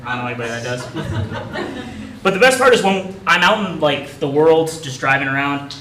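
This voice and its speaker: A man's voice: on the high side, animated, brisk, pushed and bright, distant mic. A young man performing a stand-up comedy set on a club stage, talking in a casual, rambling, self-mocking way. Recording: echoey club room from afar, audience noise. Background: audience laughter.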